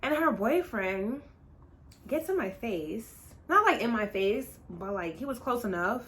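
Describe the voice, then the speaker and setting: A woman's voice: a little high, a little hiss or hum. A young adult woman vlogger telling a casual story to her viewers, chatty and dramatic, speeding up and drawing out words as she goes. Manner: animated, chatty, talks straight to viewers; dramatic retelling, swings between fast and drawn-out.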